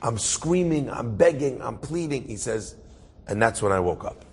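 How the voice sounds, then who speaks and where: A man's voice: medium pitch, moderate pace. A man, a rabbi, telling a story aloud and acting out its characters with rising emotion. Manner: animated, acts out the characters' voices with rising emotion. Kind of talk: storytelling talk. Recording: husky voice in a reverberant hall.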